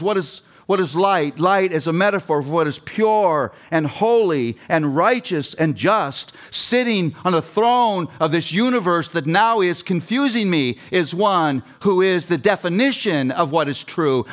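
A man's voice: a little high, animated, normal speed, few pauses. A middle-aged man preaching a passionate sermon with emphatic repetition, addressing seminary students. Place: seminary chapel.

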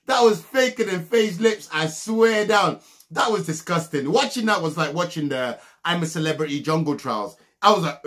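Animated man ranting a TV recap. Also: normal speed. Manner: mocking, animated, bursts into loud high laughs. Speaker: reality TV recap commentator. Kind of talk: comedic TV recap rant.

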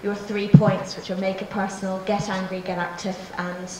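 Woman moderator, polite, flat tone, distant mic, noisy room. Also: mid-range voice, very echoey. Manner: polite, measured. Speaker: event moderator. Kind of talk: formal thanks and Q&A introduction.

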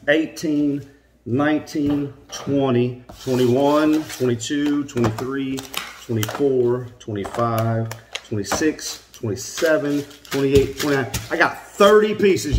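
A middle-aged man with a relaxed drawl talks straight to his viewers. He rambles in a folksy, chatty way while he unboxes, with plenty of fillers along the way. His pitch sits right in the ordinary middle for a man. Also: a little hiss or hum. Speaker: unboxing vlogger, host. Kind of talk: casual unboxing chat to viewers.

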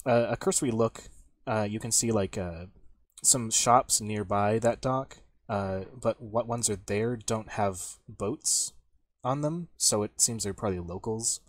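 A man's voice: on the low side, measured pace, dry recording. A man narrating as game master of a tabletop game, rambling with lots of fillers and restarts.

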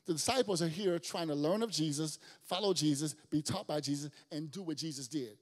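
A male pastor preaching a sermon with big swings, from shouted lines down to quiet, near-whispered ones. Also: a little high, a little fast, big-room sound.

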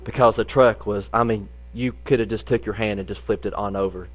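A middle-aged man, a pastor telling a folksy personal story in a sermon, lively in the funny parts and quieter when serious. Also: on the low side, fairly quick.

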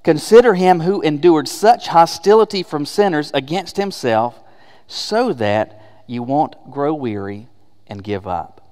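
A man's voice: on the high side, lively intonation, measured pace, darkish tone, big-room sound. A man preaching a sermon as pastor, emphatic and conversational, asking rhetorical questions. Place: church sanctuary.

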